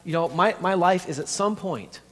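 A man preaching as a pastor, telling a story in a conversational, halting, earnest way. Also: high-pitched, animated, fairly bright tone. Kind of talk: sermon storytelling. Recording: echoey hall, faint hum.

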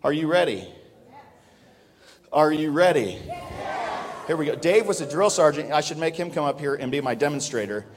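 High-voiced preacher in a reverberant hall. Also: male voice, lively intonation, normal speed, long pauses, crowd noise, background noise. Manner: preaching, bursts into loud shouted drill cadence. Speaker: pastor. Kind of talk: sermon. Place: church sanctuary.

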